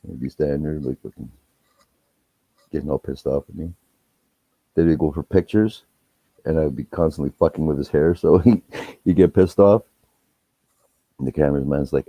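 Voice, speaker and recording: Very deep-voiced man, profane storyteller. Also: brisk, gravelly, long pauses, husky, dry recording. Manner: profane, rambling, animated when retelling quarrels. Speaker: live streamer telling stories. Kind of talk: casual storytelling chat. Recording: dull, muffled audio.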